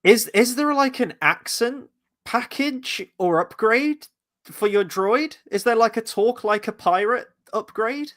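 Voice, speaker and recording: A man's voice: extremely high pitch, animated, unhurried, a bit bright, no room sound. A man hosting a casual review chat, rambling and playful with lots of asides. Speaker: host.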